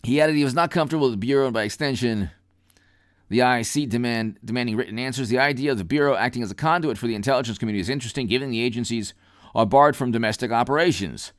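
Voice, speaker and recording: A man's voice: mid-range voice, rapid-fire, no echo, studio quality. Emphatic rambling male political commentator. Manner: rambling, emphatic, with frequent restarts; reads out viewer names and thanks them. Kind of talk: unscripted political commentary livestream.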